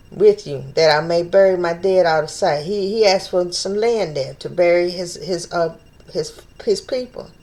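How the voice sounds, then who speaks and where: A woman's voice: on the low side, a little mellow. A woman leading an informal Bible study, reading scripture aloud and stopping to think aloud about it, stumbling over old names and repeating phrases as she works things out.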